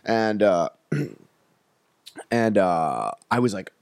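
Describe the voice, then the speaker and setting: A man's voice: fairly low pitch, very animated, extremely slow, a little mellow, smooth, no room sound, studio quality. A young man, a stand-up comedian, telling a long story in casual chat, with lots of "like" and "you know" fillers. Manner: rambling, filler-heavy, with many "like" and "you know".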